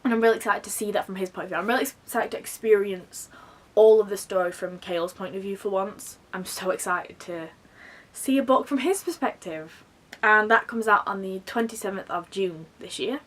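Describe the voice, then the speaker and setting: A young woman chatting to camera about books she is excited for, in a gushing, excitable way full of fillers. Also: mid-range voice, normal speed, far from the mic. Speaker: book vlogger. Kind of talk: casual chat to camera.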